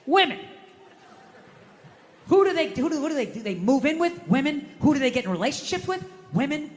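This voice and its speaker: A man doing stand-up comedy, ranting and swearing with sudden shouted bursts. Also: very high voice, in a large hall.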